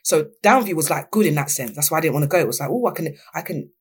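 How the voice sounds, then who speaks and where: A young woman, speaking as a guest on an interview show, telling her story frankly and lively, acting out what others said. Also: low-pitched, fast, breathy edge. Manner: lively, animated, acts out quoted voices. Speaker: podcast guest.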